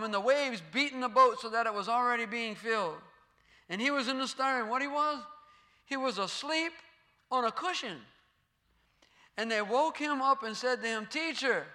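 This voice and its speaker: Very high-voiced, bright male preacher. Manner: asks rhetorical questions and repeats key phrases; uses Hebrew terms in his teaching. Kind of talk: sermon with scripture reading.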